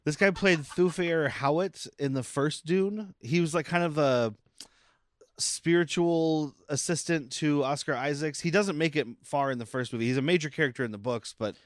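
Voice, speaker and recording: A man co-hosting a podcast, chatting casually about a film and telling animated stories with quoted asides. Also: fairly high pitch, moderate pace, no room sound, clean studio sound. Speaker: podcast co-host. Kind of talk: casual film review chat.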